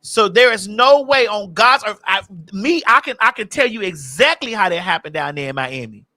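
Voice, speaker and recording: Brash, profane host with a bright voice. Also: female voice, medium pitch, moderate pace. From Florida. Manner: brash, profane, animated storytelling. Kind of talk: casual chat.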